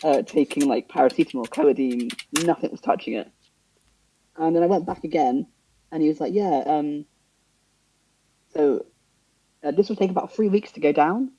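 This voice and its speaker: A man's voice: moderate pace, pauses often, breathy edge, low-quality recording. A young man, casually telling a story on a podcast and acting out the voices of the people in it. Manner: animated, acts out dialogue with big pitch jumps and laughter. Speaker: podcast co-host.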